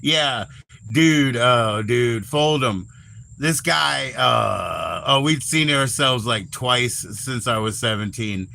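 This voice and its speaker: A man in his forties on a casual livestream, rambling and swearing, often trailing off into low mumbles. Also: expressive, slow, gravelly, sharp tone, a little hiss or hum. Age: 40s. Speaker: livestream host.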